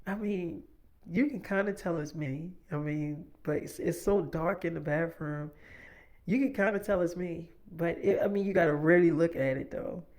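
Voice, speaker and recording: A man's voice: a little high, normal speed, a little mellow. Rambling, swearing young man telling a story. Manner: rambling, profane, repeats himself. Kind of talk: casual storytime monologue.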